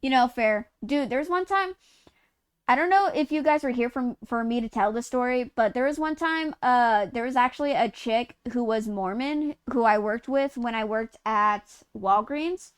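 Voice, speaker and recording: A woman's voice: a little high, normal speed, smooth. A woman streamer from Utah chatting casually and rambling through a story while gaming, swearing and laughing mid-sentence.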